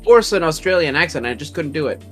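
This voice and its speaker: A man's voice: a little high, expressive, fast talker. A man chatting casually with friends, chatty and poking fun at himself. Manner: chatty, self-mocking. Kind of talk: casual group chat on a livestream. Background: faint background music.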